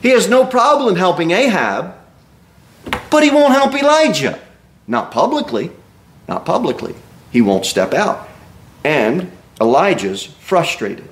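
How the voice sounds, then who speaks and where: A man's voice: sits high, wildly swooping pitch, a little slow, a little hiss or hum. A man preaching an expository sermon as a pastor, reading scripture aloud and acting out the Bible figures' words with emphatic exclamations.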